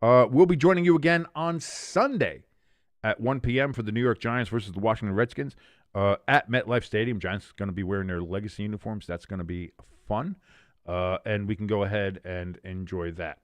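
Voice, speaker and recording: A man hosting a casual sports preview, running through his picks in an animated, jokey, chatty way. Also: on the low side, a little fast, no echo, clean studio sound. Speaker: sports show host.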